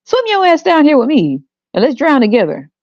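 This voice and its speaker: Play a loud, bitter broke parent, as a woman puts her on. Push the voice high, swing the pitch wildly, and keep it brash, mocking and profane. Keep the sound dull and lo-fi. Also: huge pitch swings, fairly quick, dry recording, full character voice. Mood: bossy.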